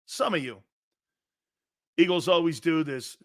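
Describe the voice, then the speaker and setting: A man with an East Coast American accent hosting a sports talk show, ranting loudly with profanity and frequent shouting. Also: a little high, measured pace. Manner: loud, profane, often shouting.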